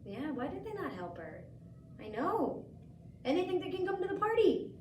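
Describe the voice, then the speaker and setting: A woman teacher reading a picture book aloud to a child, asking gentle questions and giving the characters lively voices. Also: extremely high pitch, normal speed, a little hiss or hum. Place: school room. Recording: echoey room, mic from far off.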